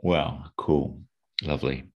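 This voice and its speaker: A man with a very deep voice speaks slowly in a steady tone, and the audio sounds dull. As a podcast co-host, he rambles through a pitch for an episode idea, full of fillers and restarts, in a casual chat.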